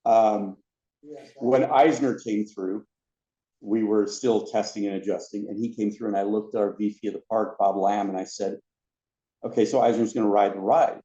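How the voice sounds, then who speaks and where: A man telling anecdotes as a podcast guest, a lively storyteller who acts out the other people in his stories. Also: lowish voice, moderate pace. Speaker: podcast guest, former theme park ride attendant. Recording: roomy, dull lo-fi sound.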